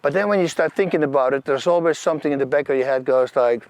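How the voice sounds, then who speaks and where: Animated Dutch man telling stories. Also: fairly high pitch, fast, no room sound. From Netherlands. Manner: animated, vivid, acts out scenes and quotes; loose, non-native grammar. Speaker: channel host. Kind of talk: personal storytelling monologue.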